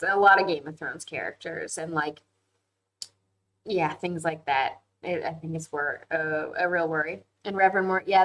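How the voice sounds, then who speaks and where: A young woman with a slightly low-pitched voice chats casually on a livestream. She talks loosely, leans on "like" as a filler and breaks into laughter easily. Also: a bit bright, rough recording. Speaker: livestream host reading viewer comments.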